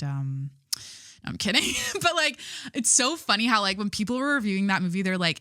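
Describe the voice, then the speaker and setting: Young woman, podcast host, casual rambling chat, swears, bright voice, dry sound. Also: medium pitch, big pitch swings, a little fast, dry recording. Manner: rambling, heavy use of "like", swearing, self-mocking.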